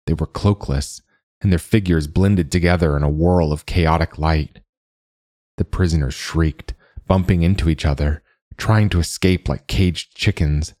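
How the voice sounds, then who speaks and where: A man narrating a dark fantasy audiobook in a measured, deliberate way. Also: low-pitched, dry recording, clean studio sound.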